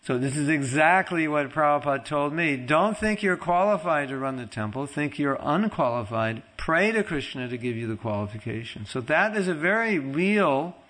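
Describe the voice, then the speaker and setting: A man teaching a devotional class in a conversational way, telling stories and quoting others, at times softly repeating a chanted mantra. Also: on the high side, lively intonation, moderate pace, hardly any pauses, poor audio. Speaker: spiritual teacher giving a class.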